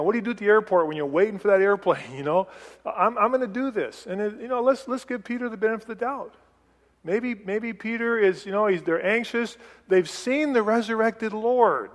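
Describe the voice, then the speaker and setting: Middle-aged guy preaching, kinda high voice, chatty, big echoey church hall. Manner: chatty, acts out quotes, light laughs. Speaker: preacher teaching a Bible passage. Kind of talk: conversational sermon. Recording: long reverb of a large hall.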